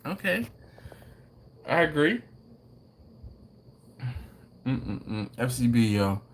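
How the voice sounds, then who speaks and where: A man hosting a live barbecue stream, chatting casually with viewers and acting out people in a story in a high mimicking voice. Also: big pitch swings, very slow, slightly rough. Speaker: host of a live BBQ show.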